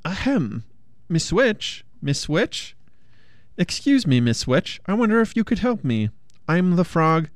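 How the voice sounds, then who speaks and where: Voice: mid-range voice, big pitch swings, takes it slowly, no room sound, voice pushed up. A storyteller voicing a whiny, flustered young prince who stammers politely. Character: anxious, whiny Frog Prince, young man.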